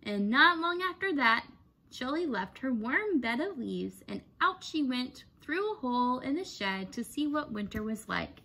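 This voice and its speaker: A woman teacher reading a children's picture book aloud in an expressive storytelling manner. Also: sits high, measured pace.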